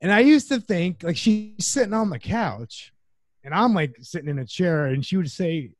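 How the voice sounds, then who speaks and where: Male guest, slightly higher voice, dry close sound, earnest and reflective delivery. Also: expressive, moderate pace, no room sound. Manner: earnest, reflective, chuckles often. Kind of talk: casual conversation.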